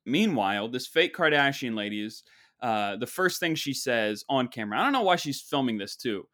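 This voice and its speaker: A man's voice: mid-range voice, lively intonation, moderate pace, a bit bright. Rambling sarcastic male podcast host. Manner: rambling, sarcastic, mock-boastful. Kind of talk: comedic storytelling monologue.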